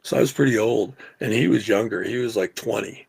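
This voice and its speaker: A middle-aged man co-hosting a podcast, telling a story in casual, animated chat and swearing freely. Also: fairly low pitch, brisk, no room sound. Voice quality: gravelly, husky. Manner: animated, profane storyteller who yells quoted lines. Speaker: podcast co-host.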